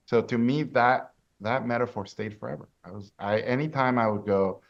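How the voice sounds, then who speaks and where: A man from Mexico, an animation director, answering an interview question as an animated, enthusiastic storyteller. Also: mid-range voice, moderate pace, gravelly, few pauses, lo-fi sound. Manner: animated, enthusiastic storyteller with big swings in loudness.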